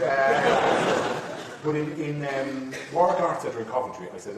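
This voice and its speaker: A middle-aged Irish man, a comedian guest telling stories in swearing, animated chat. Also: medium pitch, brisk. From Ireland. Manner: animated storyteller, swears freely. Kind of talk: anecdotal chat. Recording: echoey room, far from the mic, loud noise.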